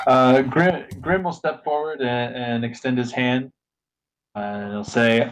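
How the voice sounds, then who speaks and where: Male tabletop player, mid pitch, playful, faint hiss behind. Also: fairly even intonation, slow pace, low-quality recording.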